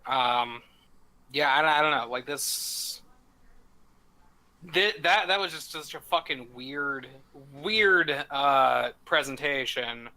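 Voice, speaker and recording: Bright-voiced man, profane and rambling. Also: medium pitch, slow pace, rough recording. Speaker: podcast co-host. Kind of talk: casual live-stream commentary. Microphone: home microphone.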